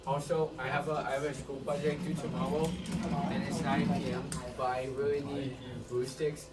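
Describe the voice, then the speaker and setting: A man's voice: medium pitch, little pitch movement, distant mic. A male student directing his classmates on a school film set, calling takes and giving notes. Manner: casual, giving quick directions.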